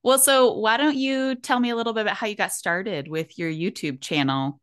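A woman's voice: medium pitch, normal speed, fairly bright tone, clean tone. A woman hosting an interview and asking friendly, open questions. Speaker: podcast host. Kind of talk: casual interview.

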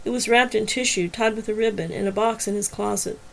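A woman voicing a soft, earnest young daughter. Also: mid-range voice, brisk, creaky, natural voice, rough recording. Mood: confiding.

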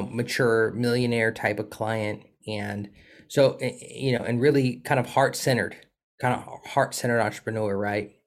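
A man with a slightly low voice chats casually as a sales coach. He talks with enthusiasm and keeps affirming what he hears. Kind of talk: casual conversation.

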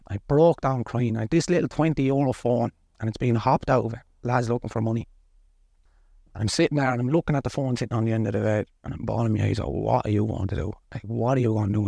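Middle-aged Irish man, blunt candid storyteller, mid-pitched, dry close mic. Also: gravelly, a little mellow, no echo. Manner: earnest, blunt, colloquial. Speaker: podcast guest.

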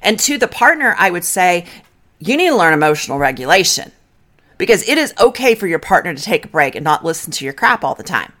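Middle-aged woman, marriage therapist, lowish and animated, direct coaching podcast delivery. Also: brisk. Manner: direct, coaching, guides breathing counts. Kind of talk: podcast advice talk.

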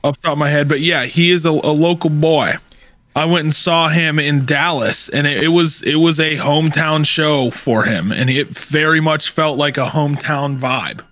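Bright, playful podcast co-host man. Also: on the high side, steady tone, normal speed. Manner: playful, sings snippets, enthusiastic about bands. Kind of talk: casual podcast chat.

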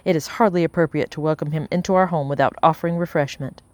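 A woman's voice: deep voice, fairly even intonation, fast talker, a little mellow, dry recording, lightly acted. A woman voicing an impatient, haughty lady of the house who speaks sharply and imperiously.

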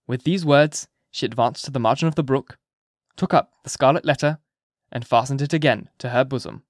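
A man narrates a classic novel in a measured, expressive way. His voice sits at a middle pitch. The recording is close and dry, with no room sound. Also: no echo. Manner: measured, expressive literary reading. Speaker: audiobook narrator.

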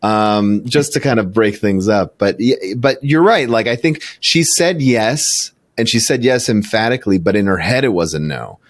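A man in his thirties talking on a podcast, rather low in pitch and recorded close and dry. He tells anecdotes with energy, laughing often and slipping into other people's voices. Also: normal speed, hardly any pauses, no room sound. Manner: animated storyteller, laughs often, acts out quoted voices. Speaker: podcast host. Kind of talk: casual conversational interview.

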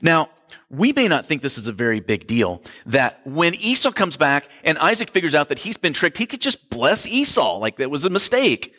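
A man's voice: on the high side, big pitch swings, normal speed, pushed and bright. A man preaching a sermon, retelling a story in a casual, joking way. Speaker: pastor. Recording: long hall reverb.

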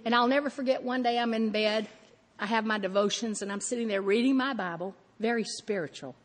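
A woman's voice: a little high, a little fast, in a large hall, a little hiss or hum. A woman preaching a sermon, telling stories animatedly and acting out her own thoughts.

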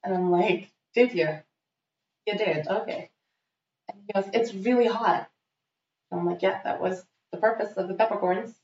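A woman's voice: mid-range voice, brisk, far from the mic, a little hiss or hum. A woman telling a funny story in casual chat, acting out what people said. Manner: lively storyteller acting out quotes. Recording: dull, roomy, off-mic sound.

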